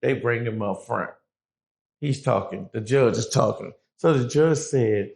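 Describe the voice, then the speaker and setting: A man's voice: medium pitch, unhurried, creaky. A man telling a prison story in a casual, profane way, acting out the other people's voices. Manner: profane, animated, acts out quoted voices.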